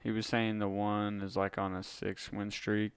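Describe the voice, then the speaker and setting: A man's voice: on the low side, completely flat delivery, moderate pace, smooth, no room sound. A man co-hosting a casual podcast, reading out news and stats in a laid-back way. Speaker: podcast co-host. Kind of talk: casual chat.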